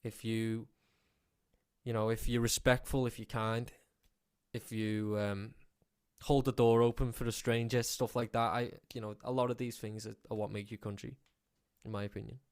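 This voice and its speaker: A man's voice: lowish voice, level tone, moderate pace, clean tone, no echo, studio quality. A young man from Liverpool with a Scouse accent, a guest singer chatting easygoingly in a radio interview, rambling with fillers. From Liverpool, England.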